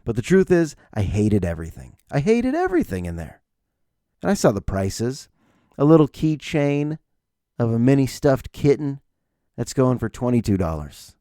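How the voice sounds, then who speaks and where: A man in his forties hosts a solo podcast, spinning everyday stories with sarcasm and acting out the people in them. His pitch leaps up and down as he tells them. His tone is mellow, and the sound is dry and close. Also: big pitch swings, moderate pace, no echo. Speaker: podcast host. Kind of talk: casual solo storytelling.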